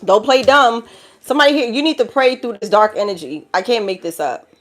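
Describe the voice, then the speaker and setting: A woman's voice: on the high side, brisk, soft background music. A woman with a New York accent giving a collective tarot reading, blunt and profane, preaching to viewers and calling them child and baby. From the Bronx, New York. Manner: blunt and profane, laughing through the talk. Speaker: tarot reader.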